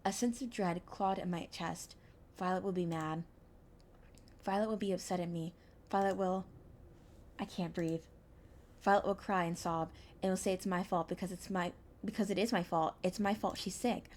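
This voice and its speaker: A young woman streamer reading a visual novel aloud, with expressive, anxious narration and small stumbles. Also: fairly low pitch, normal speed, slight background noise.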